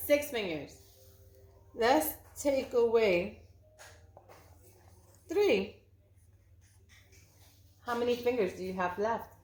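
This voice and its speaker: A woman's voice: mid-range voice, reverberant. A woman teaching a circle-time lesson to young children, speaking in a patient, sing-song way and drawing out her words. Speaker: preschool teacher.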